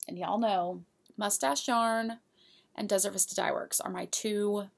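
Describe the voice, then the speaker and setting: Lady knitting podcaster, super gravelly fry, kinda husky, chatty and giggly. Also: mid-range voice, steady tone, unhurried. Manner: chatty, giggly, talks straight to viewers. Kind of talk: casual show-and-tell of yarn purchases.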